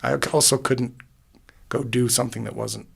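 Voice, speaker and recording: Gravelly-voiced musician telling his story. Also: mid-range voice, steady tone, normal speed, a bit bright. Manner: earnest, rambling storyteller with many restarts and fillers. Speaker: musician guest. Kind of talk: casual interview. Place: podcast booth.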